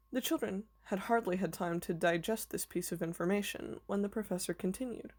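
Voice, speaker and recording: A woman teacher reading a children's novel aloud to her class, her delivery clear and even. Her voice sits at an ordinary middle pitch. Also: brisk, few pauses.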